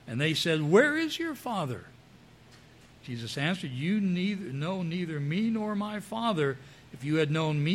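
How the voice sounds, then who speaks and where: A man preaching a sermon, reading scripture verses aloud and commenting between them. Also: on the high side.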